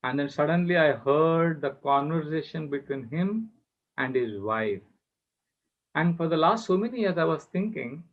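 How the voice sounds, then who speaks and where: A fairly high-voiced man gives a devotional class, telling a story with feeling. He acts out the voices of the people in his story. The sound is muffled, as over a video call. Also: expressive, normal speed. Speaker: spiritual teacher.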